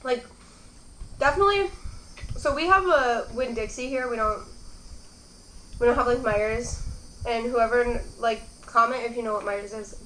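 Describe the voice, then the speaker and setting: Chatting between bites, a young mukbang host rambles casually at a normal pace, pausing often. Her voice is fairly high and a bit bright. The home room she's in is echoey, with slight background noise and crickets faintly audible.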